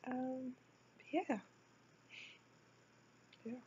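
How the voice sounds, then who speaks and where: A woman's voice: sits high, drawn-out words, mellow, muffled recording, slight background noise. A young woman rambling casually over a video game build, often stopping to correct herself. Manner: rambling, chatty, self-correcting.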